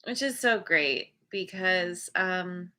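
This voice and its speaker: A woman doing a casual spoken tarot reading, chatty and quick to laugh, often acting out people's reactions. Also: lowish voice, bright, forceful tone. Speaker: tarot reader.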